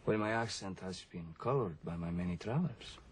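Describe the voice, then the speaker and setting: A formal, grandiose young lover in a film, speaking English with a Castilian tinge. His low voice carries a faint room ambience. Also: animated, normal speed, slight background noise. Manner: formal, theatrical, self-assured. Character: young man posing as a legendary lover, grandiose.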